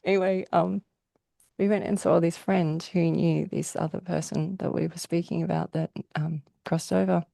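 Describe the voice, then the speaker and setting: A woman's voice: fairly low pitch, steady tone, normal speed, creaky, dark tone, no room sound, clean studio sound. An Australian woman telling stories in a casual chat, often laughing and acting out the voices of people she quotes. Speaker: guest.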